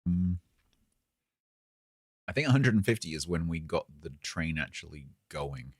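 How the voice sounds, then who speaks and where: A game streamer talks with a deep, slightly husky voice, relaxed and rambling as he chats to his viewers. The sound is close and dry, with almost no room around it. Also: measured pace, no room sound. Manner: relaxed, rambling, chuckling asides to chat. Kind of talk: casual live-stream chat while gaming.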